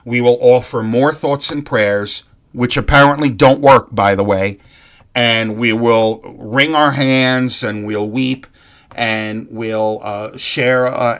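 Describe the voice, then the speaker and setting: A man's voice: mid-range voice, steady tone, takes it slowly, a bit bright. A man delivering an angry, heartfelt ranting monologue to his viewers, profane and rambling with frequent restarts. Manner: earnest and heartfelt.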